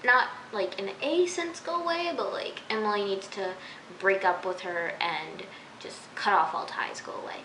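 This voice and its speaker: Woman, vlog reviewer, exasperated chatty rant, bright tone, faint background hiss. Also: medium pitch, moderate pace. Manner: exasperated, chatty ranting with many fillers. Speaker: TV episode reviewer. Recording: roomy echo.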